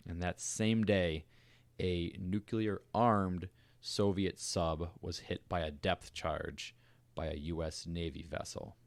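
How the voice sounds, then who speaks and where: A very deep-voiced man tells a history story for a podcast, relaxed and chatty with fillers and asides. His voice sits close and dry, with little room sound. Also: slow, gravelly, dry recording. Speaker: podcast co-host. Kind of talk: casual storytelling chat.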